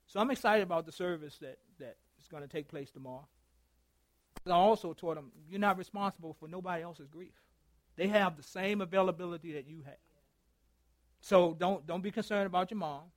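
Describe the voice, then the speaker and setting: In church, a pastor with a light, high voice preaches through a storytelling sermon, playing both parties in a phone call. He shifts from loud to hushed, stretching his phrases out, and keeps prompting listeners to respond. The sound is dry and close, with little echo.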